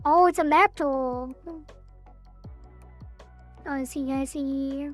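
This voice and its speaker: High-voiced woman streamer thinking aloud. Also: extremely slow, pauses often, soft background music. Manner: thinks aloud, hedging, frequent laughs. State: voice cracking. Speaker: game developer streamer. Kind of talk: casual live-stream chat.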